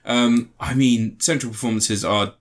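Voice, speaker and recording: A man talks through a film he enjoyed in loose, rambling podcast chat. His voice sits in a middle pitch, and he swears freely as he gets animated retelling scenes. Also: measured pace.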